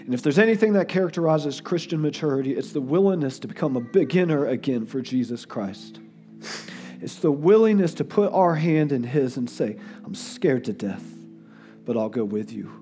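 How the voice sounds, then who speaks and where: A male guest preacher giving an earnest sermon, sometimes emotional and dropping his voice softly for quotes. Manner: earnest, tearful in places, drops to soft low tones for quotes. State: crying at times.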